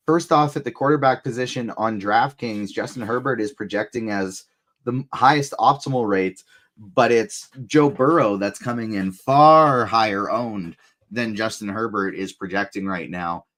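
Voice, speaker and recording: Male host, lowish voice, brisk and organized casual chat. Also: fairly bright tone. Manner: brisk and organized, runs the show. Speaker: fantasy sports show host. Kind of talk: casual live-stream chat.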